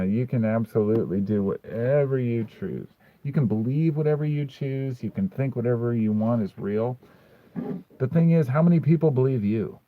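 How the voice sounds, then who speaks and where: A man's voice: mid-range voice, no echo. A man hosting a live chat stream, reading comments and answering them bluntly and sarcastically, swearing often and saying "dude" a lot. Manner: argumentative, frequent "dude". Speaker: livestream host reading chat. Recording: dry, tinny phone-like sound.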